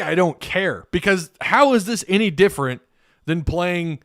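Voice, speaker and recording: Blunt opinionated man, smooth dry voice. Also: high voice, animated, unhurried, a bit bright, no echo. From Arkansas. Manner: opinionated, blunt, swears freely, reads chat aloud. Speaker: podcast host. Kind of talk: casual live-stream commentary.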